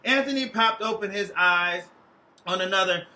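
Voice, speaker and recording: Bright-voiced man reading a comic story. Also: high voice, normal speed, low-quality recording. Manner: lively, playful, profane storytelling. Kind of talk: humorous literary reading.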